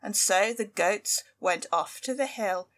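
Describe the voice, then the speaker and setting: A woman from a library reading a children's folk tale aloud in a lively, expressive storytelling voice. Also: mid-range voice, unhurried, background noise.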